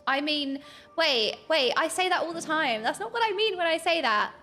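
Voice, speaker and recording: A woman's voice: high voice, big pitch swings, moderate pace, bright, forceful tone, faint music behind. A young British woman with a British accent chatting animatedly while streaming a game, bursting into laughs and mock outrage. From United Kingdom.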